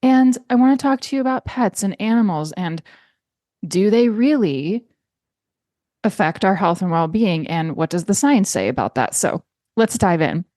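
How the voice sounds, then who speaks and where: A woman's voice: lively intonation, moderate pace, dry recording, studio quality. A woman hosting her own podcast from home in a casual, chatty way, from the United States. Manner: warm chatty, lapses into high baby-talk to her cat. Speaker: podcast host. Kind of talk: casual solo podcast chat. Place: small room at home.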